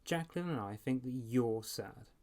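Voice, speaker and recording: A man's voice: expressive, normal speed, a little mellow, lightly acted. A man voicing a whiny seven-year-old girl who screams and tattles. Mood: taunting, indignant. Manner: shrill and whining.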